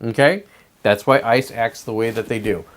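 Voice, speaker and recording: A man's voice: mid-range voice, moderate pace. A man hosting a show, delivering a blunt, profanity-laced political commentary monologue. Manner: profane, emphatic ranting. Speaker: podcast host.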